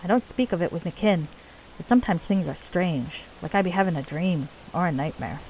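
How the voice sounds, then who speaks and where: A woman voicing a gruff male dwarf clan leader, weary of endless war, in a put-on Scottish accent. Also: on the low side, fairly quick, dark tone, slight background noise, natural voice, poor audio. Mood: somber. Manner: gruff, archaic folksy dwarf speech. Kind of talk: reading game dialogue aloud.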